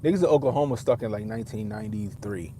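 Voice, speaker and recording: Rambling, profane man with a mellow voice. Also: fairly low pitch, fast, slight background noise. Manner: profane, rambling, repeats himself. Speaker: commentator; father. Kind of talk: casual commentary.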